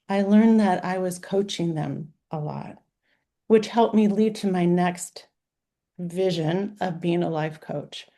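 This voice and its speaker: Woman in her sixties, life coach, heartfelt personal talk, unhurried delivery, soft mellow tone. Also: on the low side. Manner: earnest, speaks in long lists of short phrases.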